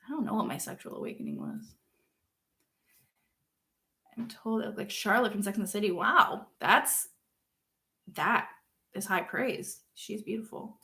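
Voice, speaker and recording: A young woman chatting casually with her viewers, self-deprecating and laughing often, jumping from loud outbursts to quiet mumbles. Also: mid-range voice, lively intonation, a little slow, creaky, long pauses. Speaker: streamer reading viewer chat. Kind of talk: casual chat.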